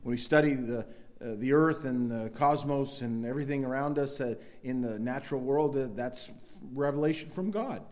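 A middle-aged man delivering a sermon to his congregation. He talks casually, with frequent restarts, then swells into emphatic bursts. His voice sits at an ordinary, medium pitch. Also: normal speed, a little mellow. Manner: conversational preaching with many restarts, rising to emphatic bursts. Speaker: pastor.

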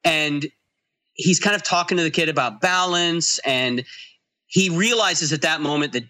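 A man's voice: fairly high pitch, moderate pace, pushed and bright. An American man co-hosting a podcast, talking reflectively in casual chat and laughing readily. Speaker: podcast co-host.

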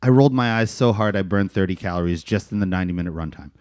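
A man's voice: quick pace, no room sound, clean studio sound. A man on a casual podcast, telling stories with swearing and lots of "man" and "dude". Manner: animated storytelling with big pitch swings. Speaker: podcast co-host. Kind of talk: casual chat.

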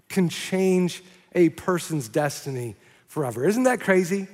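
A man preaching a sermon to his church as pastor, telling stories in an animated way with quick restarts. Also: high-pitched, some chatter behind. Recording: long hall reverb.

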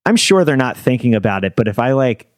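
A man's voice: medium pitch, big pitch swings, quick pace, no echo, studio quality. A young man, a stand-up comedian, telling stories in casual chat and laughing through his anecdotes.

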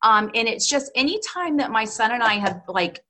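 A woman's voice: a little high, animated, moderate pace, sharp tone, slight background noise. A woman in her fifties, a homeschooling mother and grandmother, talking as a guest in a casual interview with an earnest, encouraging manner. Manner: earnest, encouraging, with frequent restarts and fillers.

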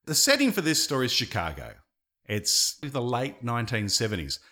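A man co-hosting a podcast, telling a story in a conversational way that swells and dips in loudness. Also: mid-range voice, wildly swooping pitch, moderate pace. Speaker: podcast co-host.

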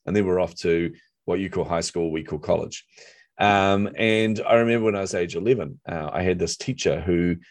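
A middle-aged man with a New Zealand accent, telling a personal story in a lively, self-deprecating way during a conversation. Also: low-pitched, normal speed, dry recording. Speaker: author and marketer, guest.

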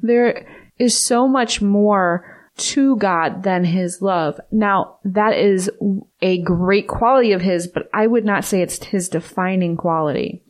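A woman's voice: medium pitch, slow. A woman co-hosting a Christian radio talk show, chatting casually with a playful, teasing manner. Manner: playful, teasing, laughs often.

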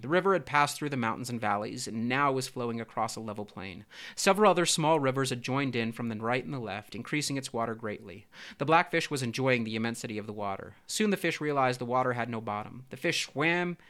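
A man reading a children's story aloud with expressive, steady narration. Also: mid-range voice, fast talker, clean tone.

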